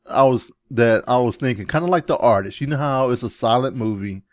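Male co-host, lively casual movie chat, dry close sound, chuckles a lot. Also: brisk, no room sound. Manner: animated, chuckling, jumps into high mimicking yells. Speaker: podcast co-host.

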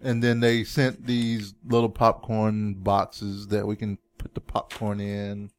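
A man's voice: fairly low pitch, monotone, slow pace. Playful, teasing man co-hosting a podcast. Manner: playful, teasing, repeats jokes. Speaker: podcast co-host. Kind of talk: casual chat.

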